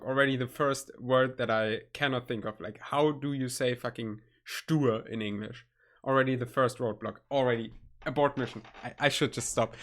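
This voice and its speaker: A man with a German accent, a native German speaker, chatting casually on a stream, halting and searching for his words. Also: medium pitch, fairly bright tone. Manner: halting, searching for words, nervous self-conscious laughs.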